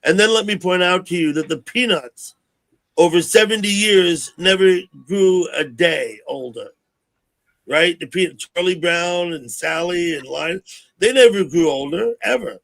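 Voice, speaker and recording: Gravelly sixty-year-old man hosting. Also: high voice, a little slow. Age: 60s. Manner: rambling, thinks out loud. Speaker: livestream host. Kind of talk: casual chat.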